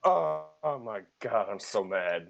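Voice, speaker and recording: A man's voice: fairly low pitch, very animated, takes it slowly, vocal fry, a bit bright, muffled recording. A man joining a voice chat, swearing often and joking crudely. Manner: crude, swears a lot, jokey. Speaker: voice chat guest. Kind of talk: casual voice chat banter.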